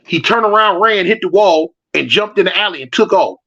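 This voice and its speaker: A man with a high-pitched voice talks fairly quickly as he tells a street story full of casual slang, acting out the voices and engaging with his live chat. His delivery is animated, and the lo-fi recording sounds dull.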